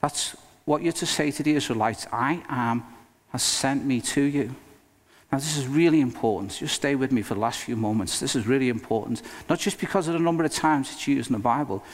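A male pastor preaching a sermon in an earnest, emphatic way, with dramatic pauses. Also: medium pitch. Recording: long reverb of a hall.

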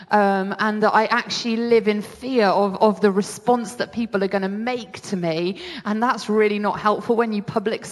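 A British woman delivers a sermon in an earnest, conversational tone, circling back and restarting her phrases as she goes. Her voice sits at an ordinary middle pitch for a woman. It carries a long reverb, as if spoken in a large hall. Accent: British English. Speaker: preacher.

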